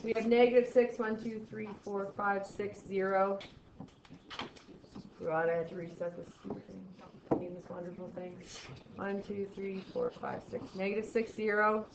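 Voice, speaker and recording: A woman leads a math lesson in a relaxed, chatty way. She keeps firing off quick questions and answering them herself. The recording is a bit dull, with faint background noise. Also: medium pitch. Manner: casual and encouraging. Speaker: math teacher. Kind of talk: classroom lecture.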